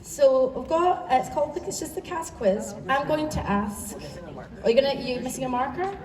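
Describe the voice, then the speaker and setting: A woman's voice: sits high, expressive. Scottish woman hosting a convention panel. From United Kingdom. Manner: chatty, self-deprecating, quick asides. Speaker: panel moderator. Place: large convention hall. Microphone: phone recording from the audience. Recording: echoey hall, far off, crowd noise.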